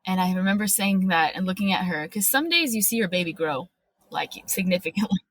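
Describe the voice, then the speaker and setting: A woman's voice: on the low side, lively intonation, fairly quick. A woman, a podcast guest and widow telling her story earnestly and acting out what people said. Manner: earnest, tells events by acting out quotes. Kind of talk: emotional personal interview.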